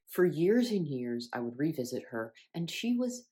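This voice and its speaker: A woman speaking as a spiritual wellness creator in a reflective self-help monologue, earnest and expressive, with sudden rises in emphasis. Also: deep voice, unhurried.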